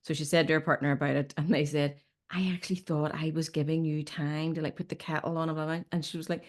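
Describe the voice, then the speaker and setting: A woman in her fifties, a relationship coach, chats as a guest in a casual advice conversation. She has a low voice and talks fast, animatedly acting out little stories and quotes and often saying "okay?"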